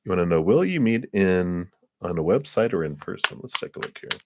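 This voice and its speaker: A man's voice: sits low, expressive, fairly quick, very noisy. A man giving a live tarot card reading in a casual, chatty way, laughing often and acting out little scenes. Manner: acts out little scenes in quoted voices.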